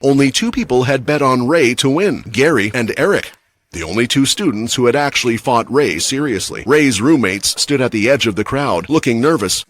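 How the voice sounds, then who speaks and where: A man's voice: medium pitch, lively intonation, normal speed, fairly bright tone. A man giving scripted, dramatic story narration for a comic recap.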